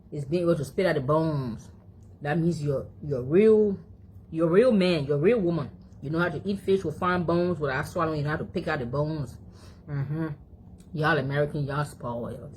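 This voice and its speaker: Lady vlogging into her phone at home, deep low voice, chatty, mm-ing as she eats. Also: normal speed, darkish tone, a little hiss or hum. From Africa. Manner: chatty, talks to her dog between mouthfuls, frequent chewing hums. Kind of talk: casual eating vlog chat.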